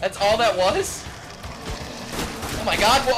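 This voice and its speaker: A young man hosting a let's play, excitable and shouting trash talk at enemies. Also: high voice, slow, long pauses. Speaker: gaming channel host. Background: game music and sound effects.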